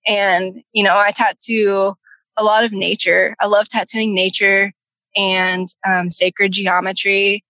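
A woman's voice: medium pitch, level tone, slow pace, pushed and bright, no echo, rough recording. A woman, a tattoo artist and healer, talking in a podcast interview, earnest and rambling with many fillers. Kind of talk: podcast interview, casual storytelling.

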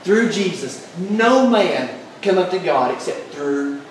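A high-voiced male pastor preaches with exuberant energy, driving points home and rising to shouts. His voice rings through a very echoey hall, heard from well back from the mic, with a faint room hiss underneath. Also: animated, takes it slowly, distant mic. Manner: exuberant, emphatic, builds to shouts. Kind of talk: sermon. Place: large echoey church hall.

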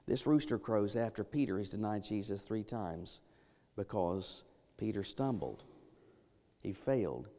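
A man preaching a sermon as pastor, emphatic, dropping to a hush and then rising loud. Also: on the low side, expressive, unhurried. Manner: emphatic, swings from hushed to loud. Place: church sanctuary. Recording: long church reverb.

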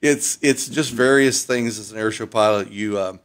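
An older man from Ohio with an Ohio accent, a pilot guest on a radio interview, chatty and animated as he tells stories. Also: lowish voice, moderate pace. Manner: chatty storyteller, animated, fond of doing accents. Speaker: air show pilot.

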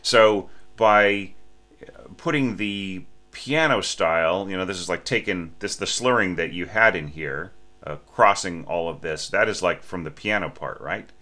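Man, orchestration teacher, very low voice, bright and forceful edge, sleepy, halting, faint mains hum. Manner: halting, many restarts and rhetorical "right?" checks; sings and breathes examples of phrasing. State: a little sleepy. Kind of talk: spoken score critique.

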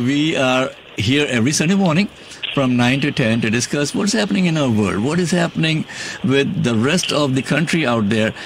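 A man's voice: mid-range voice, slight background noise. A man with a non-native accent hosting political talk radio, talking in a blunt, emphatic, opinionated way. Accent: non-native English accent. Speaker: radio talk show host.

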